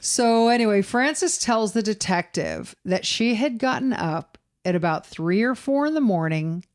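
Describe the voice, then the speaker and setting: A woman's voice: fairly high pitch, animated, unhurried. Chatty woman retelling a crime story. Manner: retells events with acted-out quotes and laughs. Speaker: podcast co-host. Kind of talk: casual true-crime chat.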